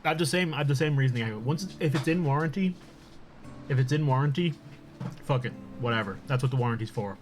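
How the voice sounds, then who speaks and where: A man's voice: medium pitch, expressive, fast. A man chatting casually on a live stream, talking with his mouth full and laughing often.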